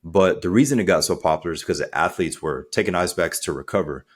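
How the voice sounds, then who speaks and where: A man speaking as a coach in a podcast interview, energetic and conversational, acting out little quotes as he talks. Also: sits low, quick pace, husky. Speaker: guest, transformational coach.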